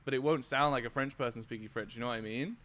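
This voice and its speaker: A man, a guest in a casual live-stream interview, talking in halting bursts with restarts and casual swearing. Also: medium pitch, a bit bright, a little hiss or hum. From United Kingdom. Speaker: guest, former streaming platform engineer.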